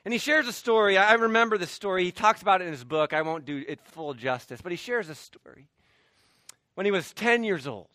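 Male pastor, sermon delivery; swings loud to hushed, tense bright tone. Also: brisk, no echo. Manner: animated, swinging from loud emphatic peaks to quiet low asides.

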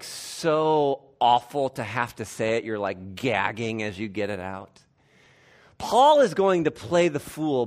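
A male pastor gives a lively, conversational sermon in church. His voice sits fairly high and swings widely in pitch. He talks in a loose, chatty way and often restarts his phrases. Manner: animated, conversational, with self-corrections.

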